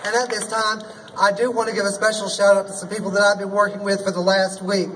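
A man's voice: sits high, little pitch movement, fast, distant mic, background noise. A man performing as a drag queen emcee, hosting a rally with a sassy, folksy manner and rallying the crowd. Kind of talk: rally speech. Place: outdoor rally.

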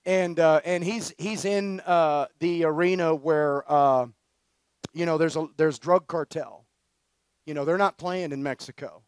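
High-voiced man preaching in a story. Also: measured pace, clean tone, dry recording. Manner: loose, slangy, energetic storytelling with many fillers. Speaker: conference preacher. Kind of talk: storytelling sermon.

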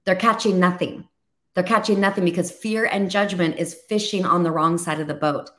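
A woman who leads a ministry, preaching on a video call and telling stories in an animated way, acting out the voices she quotes. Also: fairly low pitch, moderate pace. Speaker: ministry leader and co-host.

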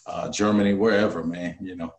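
A relaxed man chats as a podcast guest, easygoing and full of casual fillers. His voice sits fairly low. He comes through a video call from a roomy, echoey space. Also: brisk. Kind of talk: casual chat.

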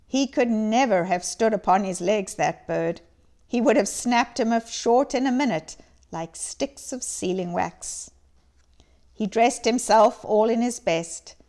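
A woman giving an expressive, measured dramatic reading of a classic story. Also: mid-range voice. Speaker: reader.

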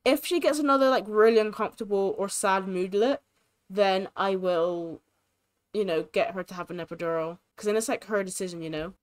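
A woman's voice: mid-range voice, a little fast. Chatty young woman narrating gameplay. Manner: chatty, expressive, sympathetic. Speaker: gaming creator. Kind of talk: casual gameplay commentary.

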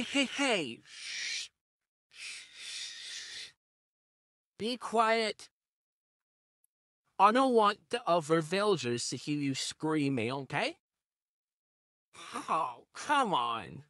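A man's voice: high-pitched, expressive, slow pace, pauses often, no room sound, clean studio sound, exaggerated voice. Howdy, a man voicing a caterpillar vampire. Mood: coaxing. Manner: coaxing, hushing, shushing softly. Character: creepy four-armed caterpillar vampire, soothing yet menacing. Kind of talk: listener role-play audio.

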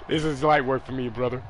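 Live-streaming a football video game, a young gamer trash-talks and commentates, alternating low mutters with sudden yells. There is slight background noise behind his mid-range voice.

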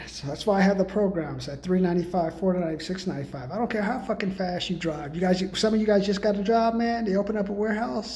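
A man ranting in a comedic monologue as a self-styled sales guru, profane and rambling in streetwise slang, pushing his pricey programs. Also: darkish tone. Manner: hard-sell pitchman. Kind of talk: comedic rant.

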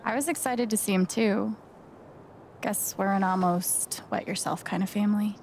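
A woman's voice: mid-range voice, moderate pace, darkish tone, a little hiss or hum, natural voice. An actress playing a wry, sarcastic young woman, the heroine of a video game. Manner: dry, sarcastic.

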